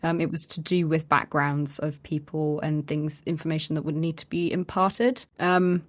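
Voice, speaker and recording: A woman's voice: deep voice, moderate pace. A woman co-hosting a podcast, chatting casually and recounting a live-action role-play event with lots of laughter and acted-out quotes. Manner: animated storyteller, acting out quotes, laughing often. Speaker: podcast co-host.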